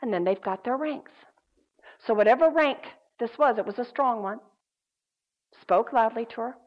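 A woman pastor with a slightly hoarse voice, preaching in a chatty storytelling way with many fillers. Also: fairly high pitch, expressive, normal speed. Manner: conversational, emphatic, with many fillers. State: hoarse, recovering voice. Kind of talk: sermon with storytelling. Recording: dull lo-fi recording.

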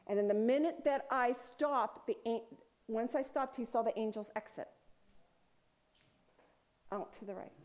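A woman with a fairly high voice tells a personal spiritual testimony in an earnest, rambling way. She restarts her sentences often and sometimes sinks into a soft, hushed near-whisper. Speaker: speaker sharing a faith testimony.

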